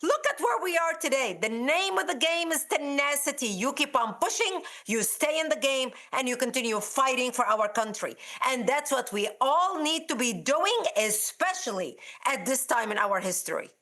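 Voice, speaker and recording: A woman's voice: sits high, expressive, normal speed, hardly any pauses, sharp tone. A woman from Lebanon, a guest on a talk show, speaking emphatically in an interview.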